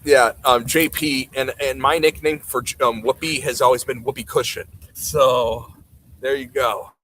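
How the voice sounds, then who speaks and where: A man's voice: medium pitch, steady tone, a little slow, a bit bright, poor audio. A man streaming live, reacting to a TV clip with sarcastic, mocking rants.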